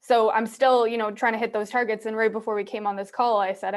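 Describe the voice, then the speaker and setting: A woman's voice: fairly high pitch, little pitch movement, quick pace, few pauses. A woman hosting a podcast in casual conversation, speaking fluently in an upbeat, affirming way. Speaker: podcast host.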